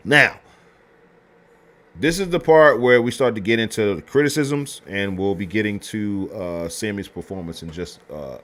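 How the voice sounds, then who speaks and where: A man's voice: lowish voice, fairly bright tone. Slangy, rambling male history show host. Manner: loose slangy delivery with many fillers and restarts. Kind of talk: casual film review talk.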